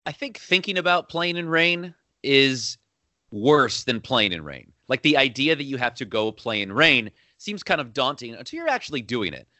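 A man's voice: medium pitch, big pitch swings, moderate pace, sharp tone, dry recording. A man co-hosting a casual chat in an easygoing way, leaning on "like" and "man". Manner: easygoing, says "like" and "man" a lot. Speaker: podcast co-host.

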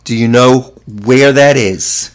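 A man hosting a casual podcast, chatting in a relaxed way and reading a recipe aloud. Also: medium pitch, takes it slowly, clear, resonant tone. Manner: relaxed, chatty, self-correcting. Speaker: podcast host.

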